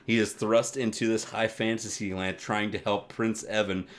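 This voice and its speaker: A man co-hosting a podcast, chatting casually and getting animated as he retells a game story, swearing freely. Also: on the low side, normal speed. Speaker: podcast co-host. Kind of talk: casual chat about games and anime.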